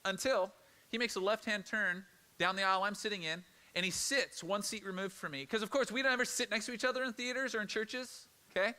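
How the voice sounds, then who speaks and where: A middle-aged male pastor preaching a sermon, telling a personal story in an animated, conversational way and acting out the quoted lines. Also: high voice, brisk, clear, resonant tone.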